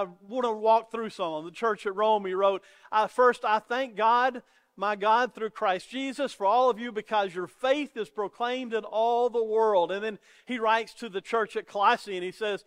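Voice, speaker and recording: A man preaching a sermon as pastor, earnest, often repeating words as he starts a sentence. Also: high-pitched. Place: church sanctuary. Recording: long reverb of a church hall.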